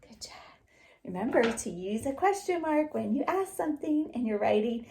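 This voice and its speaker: Encouraging woman teacher, lively voice. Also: high voice, slight background noise. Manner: encouraging, asks questions and praises; reads slowly and clearly aloud. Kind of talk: early-grade writing lesson.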